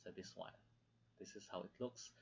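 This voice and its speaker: A man's voice: low voice, steady tone, moderate pace, creaky, slightly rough. A man from the Philippines with a Filipino English accent, giving a classroom lecture, repeating key phrases and checking in with "okay?". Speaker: teacher. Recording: dull lo-fi recording.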